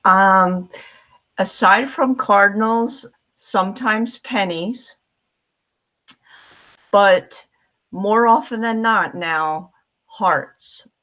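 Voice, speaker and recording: A woman talking slowly and earnestly as a panelist in a casual group chat. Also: mid-range voice, fairly bright tone. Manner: slow, reflective and earnest.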